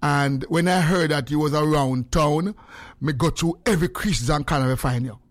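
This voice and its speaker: A man's voice: on the high side, moderate pace. A man with a Jamaican accent hosting a radio show, chatting casually and teasing in patois. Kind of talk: casual on-air chat.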